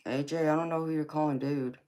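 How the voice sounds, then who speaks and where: A woman's voice: low-pitched, steady tone, fairly quick, mellow. A middle-aged woman with a Southern US accent, hosting a casual livestream and answering viewer comments, calling people sweetheart and honey. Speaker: tarot reader and livestream host.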